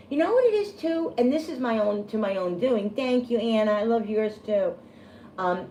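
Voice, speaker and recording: A woman's voice: medium pitch, mellow. Rambling middle-aged woman in an echoey room. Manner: rambling, self-deprecating, full of restarts, greets viewers by name. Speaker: livestream host. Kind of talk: casual livestream chat. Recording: echoey room with faint room noise.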